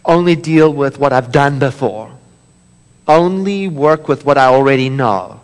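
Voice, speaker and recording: A minister delivers a sermon in a mid-range, animated, unhurried voice, telling a story with warm humor. He acts out the voices in a joke as he goes. The hall adds a long reverb.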